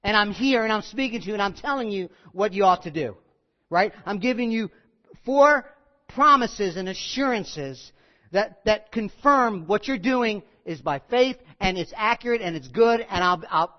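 A man preaching with a notably high voice, dropping to near-whispers and then swelling loud. He is emphatic and repeats himself, talking to the congregation like a conversation. The recording is dull and lo-fi. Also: lively intonation, moderate pace. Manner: emphatic, repetitive, swings from hushed to loud; conversational, asks the congregation questions. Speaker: pastor. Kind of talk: sermon.

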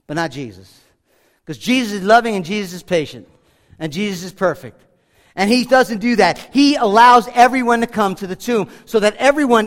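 High-voiced preaching man in a hall. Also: fairly bright tone. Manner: conversational preaching with asides and humor. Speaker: pastor. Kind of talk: sermon. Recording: hall reverb.

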